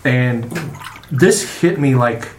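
A middle-aged man speaks as a podcast guest in loose, casual conversation, stumbling over his words and swearing freely. His voice sits at an ordinary pitch and carries a roomy echo, with a faint hiss underneath. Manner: halting and profane, with many restarts.

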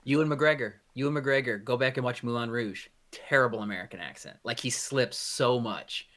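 Co-hosting a podcast, this man chats casually in a medium-pitched, slightly bright voice at a moderate pace. He rambles, restarting his sentences often, and there's a blunt edge to how he talks.

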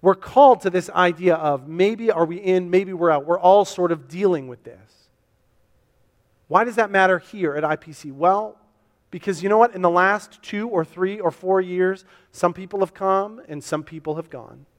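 High-voiced preaching man in a reverberant church. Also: moderate pace. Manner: earnest, repetitive preaching with quoted questions. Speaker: pastor. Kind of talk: sermon. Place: church sanctuary. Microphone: to a camera for online viewers. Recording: long hall reverb.

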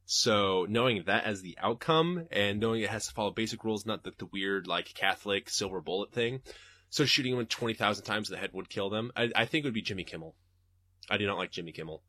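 A young man hosting a podcast, answering listener questions in a casual, profane, animated rant from his home desk. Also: lowish voice, quick pace, no room sound.

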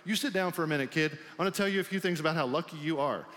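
A man voicing a gruff old man from Brooklyn who lectures a kid, with a put-on Brooklyn accent. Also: on the high side, racing, fairly bright tone, long reverb tail, natural voice. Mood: lecturing. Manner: bossy, lecturing.

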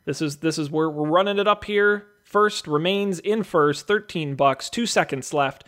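High-voiced man auctioneering movie bids. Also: normal speed, fairly bright tone. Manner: jokey, rattles off bids like an auctioneer. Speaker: host running a movie draft auction. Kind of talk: casual podcast chat.

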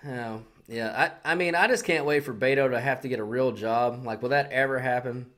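A man's voice: medium pitch, fairly quick, a bit bright. A man co-hosting a podcast, riffing sarcastically in crude casual banter. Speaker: podcast co-host.

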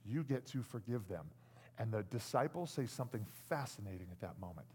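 A man preaching a sermon, animated, swinging between loud bursts and hushed lines and acting out what people say. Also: on the low side, a little fast, a little hiss or hum. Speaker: pastor.

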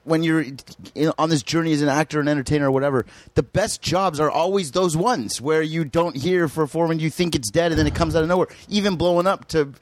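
A man, a guest actor and rapper, talking slowly and reflectively in casual chat. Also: fairly high pitch, no echo.

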